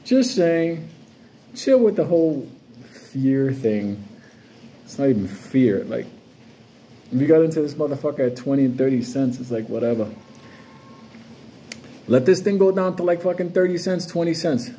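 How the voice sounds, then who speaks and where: A swaggering man rants loosely to camera, cursing freely and hopping between stories. His voice sits a bit high but sounds mellow and relaxed. A faint hiss runs under the recording. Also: moderate pace, pauses often. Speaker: crypto vlogger. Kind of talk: casual unscripted rant to camera.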